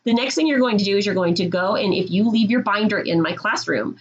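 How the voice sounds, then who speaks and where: A woman teacher sets out the rules for her middle school class, firm and direct, checking in with a steady "okay?" as she goes. Her voice sits at an ordinary middle pitch. The recording sounds slightly dull and lo-fi. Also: fast. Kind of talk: classroom rules talk to students.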